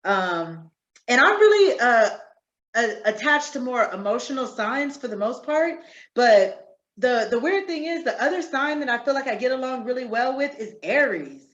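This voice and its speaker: High-voiced woman on an echoey, dull recording. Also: big pitch swings, normal speed, fairly bright tone. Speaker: podcast co-host. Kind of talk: casual chat. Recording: echoey, dull lo-fi room sound.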